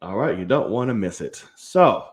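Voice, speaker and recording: A man's voice: lowish voice, very animated, normal speed. A young man hosting a casual film podcast, hyping the channel, chatting loosely and swearing freely. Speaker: podcast host. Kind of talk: casual chat.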